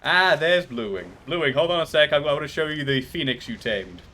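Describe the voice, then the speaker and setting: A man's voice: fairly high pitch, animated, a little fast, pushed and bright, a little hiss or hum. A man streaming a game live, chatting casually and rambling off into trivia tangents. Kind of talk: casual gameplay commentary.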